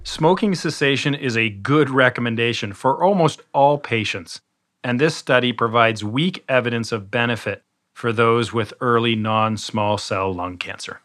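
Bright-voiced man with wry asides. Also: mid-range voice, moderate pace. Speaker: podcast co-host physician. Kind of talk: conversational medical journal review.

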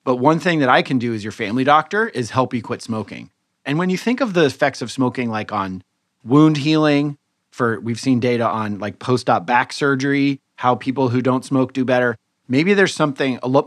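A man co-hosting a medical podcast, casually explaining research papers and pausing to rephrase as he goes. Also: medium pitch, dry recording, clean studio sound. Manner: explanatory, relaxed, thinks aloud with restarts. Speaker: podcast co-host physician reviewing papers. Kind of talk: conversational medical journal review.

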